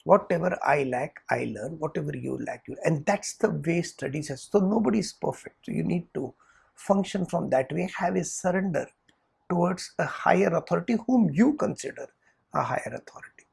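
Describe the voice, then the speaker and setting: Brief: spiritual lecturer, deep fry and heavy rasp throughout, earnest, rhetorical asides. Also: animated, normal speed, a little mellow. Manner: earnest, checks in with rhetorical "hmm?" tags. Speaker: spiritual teacher. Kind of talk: lecture on scripture.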